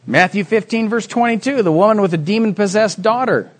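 Brief: male preacher, higher voice, dramatic storytelling delivery. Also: a little fast, few pauses. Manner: dramatic, acts out the Bible voices with big pitch swings. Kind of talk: sermon.

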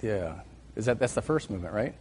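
A middle-aged man teaching a class on music and faith, lively and joking, breaking into sung and hummed examples. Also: on the low side, fairly quick, a little hiss or hum. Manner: animated, sings and hums examples, jokes with the class.

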